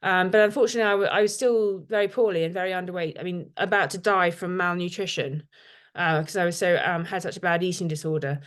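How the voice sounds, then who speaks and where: A middle-aged woman from the UK with a British accent, telling her own story to a support group in a frank, self-deprecating way, pausing often with "um". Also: on the low side, steady tone. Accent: British English. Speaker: guest speaker sharing lived experience. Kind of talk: personal testimony to a support group.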